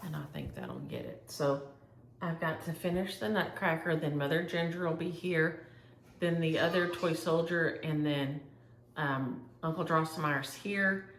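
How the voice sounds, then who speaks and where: A woman's voice: low-pitched, lively intonation, unhurried, roomy sound, slight background noise. A woman chatting casually and rambling as she shows her cross-stitch projects to viewers. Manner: chatty, rambling, thinks aloud. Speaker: flosstube host.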